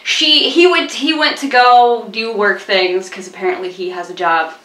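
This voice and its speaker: A woman co-hosting a film review chat, sarcastic and animated, mocking the characters with quoted voices. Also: mid-range voice, normal speed. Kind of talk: casual chat. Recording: echoey room, voice a bit far from mic.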